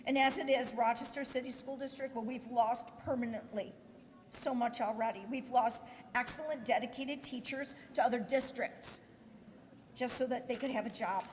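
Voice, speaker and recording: An earnest woman reads a prepared rally speech in a measured way, with a somewhat high voice. Her voice rings out through a microphone in a large echoing space, with faint noise underneath. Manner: earnest, measured, appeals directly to lawmakers. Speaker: speaker at an education rally. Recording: echoey hall with faint noise.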